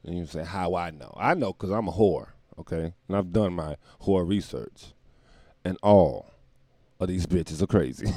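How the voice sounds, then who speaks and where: A man's voice: sits low, moderate pace, dark tone, no echo. A man hosting a show, riffing in a rambling, irreverent comedic monologue with laughs and profanity. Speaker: podcast host.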